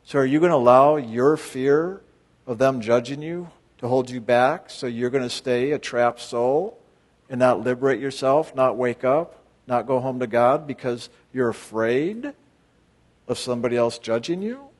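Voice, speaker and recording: At a measured pace and medium pitch, a man leading a spiritual retreat speaks to the group of participants. He is blunt, peppers them with rhetorical questions and punctuates his talk with abrupt, forceful outbursts.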